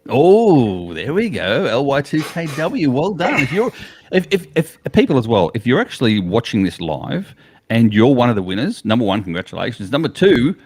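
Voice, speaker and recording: A man's voice: mid-range voice, very animated, moderate pace, darkish tone, breathy edge. Chatty Australian man co-hosting a livestream. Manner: chatty, enthusiastic, repeats himself. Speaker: co-host of an awards livestream. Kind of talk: casual live chat.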